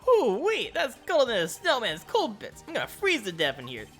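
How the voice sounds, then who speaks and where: A man voicing a boisterous, joking older male photographer friend who teases loudly and stretches out his exclamations. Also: high voice, very animated, soft background music, voice pushed up, heavily acted. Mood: teasing. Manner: loud, teasing, drawn-out exclamations.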